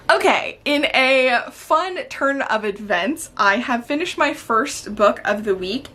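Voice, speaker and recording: A woman chatting casually in a reading vlog, laughing often and swinging between calm book recaps and giddy, excited outbursts. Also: fairly high pitch. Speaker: book vlogger.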